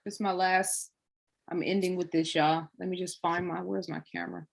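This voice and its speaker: A woman with a fairly low voice hosts a livestream, speaking straight to her viewers. She preaches in long runs of rhetorical questions. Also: level tone, normal speed, vocal fry. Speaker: livestream host.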